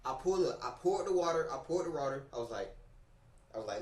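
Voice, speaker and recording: A man on a livestream telling a story in a casual, animated, slangy way, often repeating his phrases, recorded in a roomy space away from the mic. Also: fairly high pitch, fast, distant mic. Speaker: streamer.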